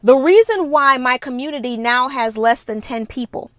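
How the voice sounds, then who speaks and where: A high-pitched woman speaks as a wellness coach on a live stream, recorded close on her phone. The sound is dry and intimate, with no echo from the room. She talks in an emphatic, preachy way and repeats herself to drive each point home. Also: normal speed, fairly bright tone. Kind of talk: live-streamed motivational talk.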